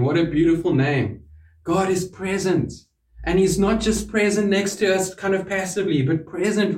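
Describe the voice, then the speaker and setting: Preacher, male, slightly high voice, earnest, hushed drops, roomy distant sound. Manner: earnest, with sudden drops to a hush on key words. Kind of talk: sermon. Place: church hall.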